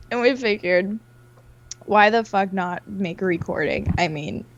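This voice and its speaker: A woman's voice: mid-range voice, slow pace, highs cut off. A young adult woman co-hosting a podcast, chatting crudely and improvising, giggling a lot, swearing freely and telling stories in put-on voices. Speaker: podcast co-host. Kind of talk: crude improvised comedic chat.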